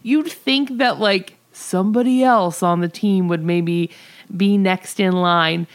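A woman's voice: medium pitch, slow pace. Chatty woman recapping a TV episode. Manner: chatty, many "like" fillers, giggly. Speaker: podcast co-host. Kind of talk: casual TV recap chat.

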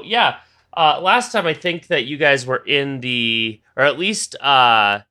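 A man with a bright, ringing voice runs a tabletop game as game master. He narrates in a loose, rambling way, full of fillers and quick restarts. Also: medium pitch, smooth.

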